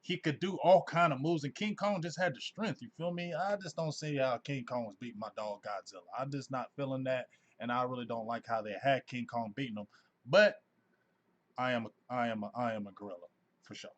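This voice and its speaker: A man in his forties hosting a casual sports fan livestream, talking in an animated, effusive way and reading out viewers' names. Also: mid-range voice, brisk. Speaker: host of a sports fan live show.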